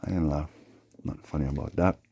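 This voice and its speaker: A man's voice: a bass voice, steady tone, quick pace, gravelly, mellow, breathy edge, no echo. A man talking to his phone camera at home in a rambling, streetwise monologue, emphatic and peppering his talk with "man". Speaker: vlogger.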